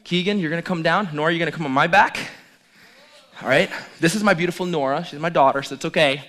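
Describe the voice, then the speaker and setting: A middle-aged man preaching as a pastor, joking playfully with the congregation during a lively demonstration. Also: fairly high pitch, fast. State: out of breath at times. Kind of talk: lively sermon with audience demonstration.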